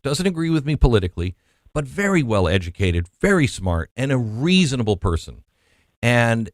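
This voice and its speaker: A middle-aged man hosting an interview, asking questions in an animated, exclamatory way. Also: mid-range voice, dry recording, clean studio sound. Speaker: host.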